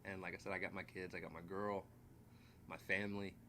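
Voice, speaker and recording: Bright-voiced man giving a candid reaction. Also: low voice, level tone, a little fast, slight background noise. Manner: candid, loose and swears casually. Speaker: reaction video host. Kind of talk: casual reaction commentary.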